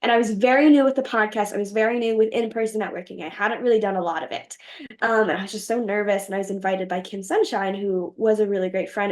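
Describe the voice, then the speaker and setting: A young woman telling a story as an interview guest, bubbly and giggly, acting out her own reactions in quoted lines. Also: mid-range voice. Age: young adult. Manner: bubbly, giggly, quotes herself in animated voices. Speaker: podcast host and guest.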